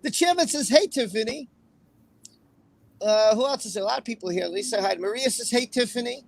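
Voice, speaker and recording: A man's voice: very high-pitched, lively intonation, brisk, gravelly, poor audio. A man hosting a livestream and chatting casually. He sounds emotional and apologetic, and he reads out viewers' comments by name. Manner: emotional, apologetic, reads chat names aloud. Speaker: livestream host.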